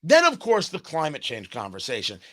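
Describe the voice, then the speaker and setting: A man's voice: fairly high pitch, normal speed. A man hosting a political talk show, delivering a sarcastic, mocking commentary monologue. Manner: sarcastic, animated, mocking asides.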